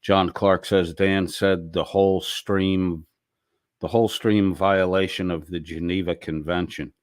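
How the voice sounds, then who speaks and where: A man's voice: sits low, flat delivery, measured pace, dry recording, clean studio sound. A man hosting a late-night livestream, reading chat messages aloud and responding in a blunt, profane, sarcastic way.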